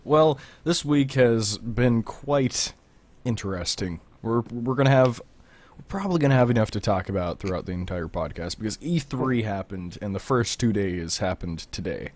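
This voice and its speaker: A man's voice: fairly low pitch, lively intonation, normal speed, a little mellow. A teenage young man hosting a podcast in casual chat, rambling and laughing as he talks. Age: teens. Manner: rambling, laughs often, eats while talking. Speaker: podcast host.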